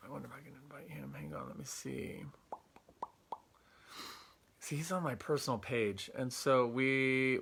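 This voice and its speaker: A man's voice: mid-range voice, gravelly, sharp tone. A young man hosting a casual livestream through a Bluetooth earpiece, upbeat and chatty, greeting viewers by name with plenty of fillers. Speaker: livestream host.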